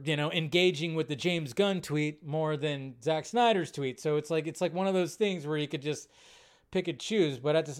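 A man's voice: on the high side, smooth. A man hosting a live movie news stream, talking casually and rambling as he reads out viewer comments.

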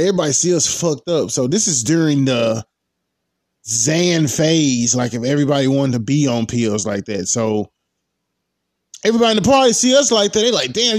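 A young man in his twenties telling a story in a casual, animated way, full of profanity and slang. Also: medium pitch, no echo, clean studio sound.

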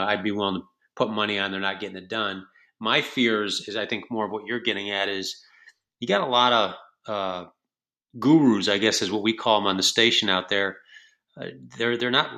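A man's voice: on the low side, bright, forceful tone. A man hosting a podcast, talking in a thoughtful, questioning way in a casual chat. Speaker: podcast host.

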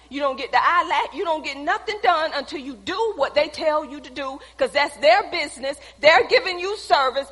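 Woman preaching, super high bright voice, folksy and emphatic, big echoey hall. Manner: emphatic, folksy, repeats phrases for stress. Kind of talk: sermon. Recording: long echoey hall reverb.

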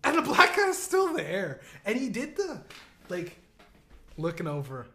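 A man's voice: sits high, a little slow, a little hiss or hum. A man hosting a podcast, telling a story in a loose, profane way, laughing often and acting out what his friends said. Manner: profane, laughing, animated storytelling with acted-out quotes. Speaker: podcast host. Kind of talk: casual storytelling.

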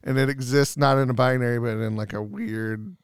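A man in a casual podcast chat, animated and eager to explain. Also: medium pitch, a little fast, smooth, no room sound, clean studio sound. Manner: animated, explains eagerly, does silly voices.

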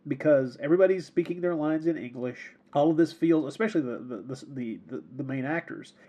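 Male podcast co-host, husky and mellow, casual rambling film talk. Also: a little high, a little fast. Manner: rambling, repeats words, laughs often.

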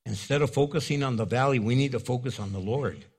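A middle-aged male pastor preaching an animated sermon, acting out quoted voices as he goes. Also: medium pitch, fast talker, husky.

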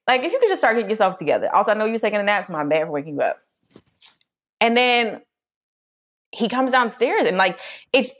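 Lively woman telling a story. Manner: animated, acts out quotes in a high voice. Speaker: podcast co-host. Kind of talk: casual storytelling chat.

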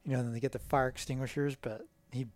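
A middle-aged man, a guest, telling stories in a casual, animated way and acting out the voices of people in them. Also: medium pitch, fast talker, dry recording. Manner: animated, acts out quoted dialogue. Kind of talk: casual storytelling.

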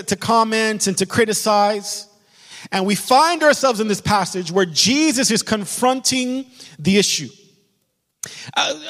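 A male pastor preaches a passionate sermon in a church sanctuary, repeating key lines for emphasis. His voice is high and a little bright, and the recording carries a long, hall-like reverb.

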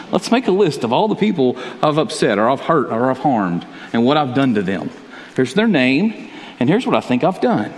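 A man's voice: mid-range voice, very animated, moderate pace. A man preaching a sermon as pastor, talking in a conversational way, often repeating words and chuckling. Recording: long reverb of a large hall.

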